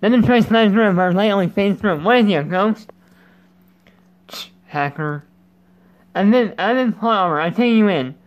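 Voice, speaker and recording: A man's voice: high voice, expressive, normal speed, long pauses, dull audio. A man hosting his gaming channel with casual let's-play commentary, rambling and goofy, breaking off mid-thought. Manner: rambling, self-interrupting, goofy.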